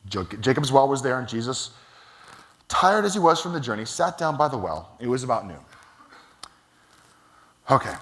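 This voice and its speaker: A man's voice: medium pitch, very animated, moderate pace, long pauses, a bit bright. A man preaching a sermon as pastor, conversational and storytelling, with self-deprecating humor. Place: church sanctuary.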